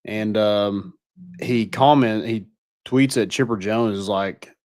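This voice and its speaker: A man's voice: fairly low pitch, fairly even intonation, a little slow, no echo, studio quality. A young man co-hosting a casual sports podcast, rambling with lots of "like" and restarts. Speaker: podcast co-host.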